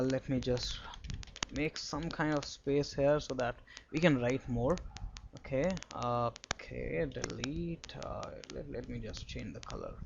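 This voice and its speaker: A man's voice: mid-range voice, gravelly, highs cut off, a little hiss or hum. A man with an Indian English accent teaching a screen-recorded geography lesson in a chatty way, spelling names out and using little memory stories.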